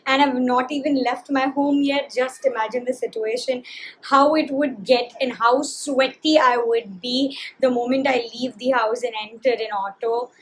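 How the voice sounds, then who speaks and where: A woman's voice: sits high, a little hiss or hum, rough recording. A young woman and college student, chatting casually to her viewers in a vlog and filming on a handheld phone. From Chennai, India. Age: young adult. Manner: chatty, talks straight to viewers with fillers. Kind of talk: casual vlog talk to camera.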